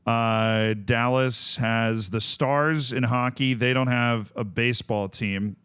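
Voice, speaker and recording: Speaking slowly with hardly any pauses, this young Tampa, Florida man has a medium-pitched voice that is bright, forceful and smooth. He chats casually while streaming a game, thinking out loud as he lists items and corrects himself.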